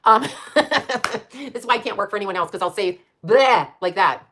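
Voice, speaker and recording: A woman's voice: medium pitch, expressive, moderate pace, a bit bright. A woman in her late fifties hosting her own channel, ranting in a blunt, profane, combative way, rambling and laughing at her own jabs. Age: late 50s. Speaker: channel host. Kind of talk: casual live-stream rant.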